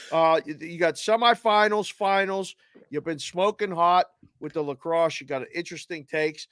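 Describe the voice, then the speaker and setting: A man co-hosts a casual sports betting show, tossing in quick wry jokes and steering questions. His voice sits a bit high for a man, recorded close and dry. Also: fairly bright tone, clear, resonant tone, dry recording. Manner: quick jokey interjections, wry.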